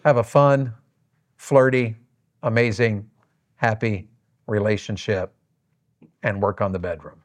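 A middle-aged man preaching on marriage, telling a story in a folksy, animated way. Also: lowish voice, slow pace, long pauses.

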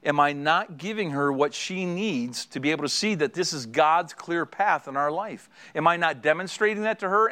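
A man's voice: on the high side, lively intonation, moderate pace, fairly bright tone. A middle-aged man preaching a sermon as a pastor, earnest and exhorting, driving points home with repeated phrases.

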